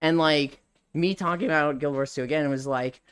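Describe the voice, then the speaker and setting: A man's voice: fairly high pitch, fairly even intonation, a little fast, a bit bright, clear, resonant tone, dry recording. A man in his thirties, a streamer telling a story in casual talk, swearing freely and acting out the people he quotes.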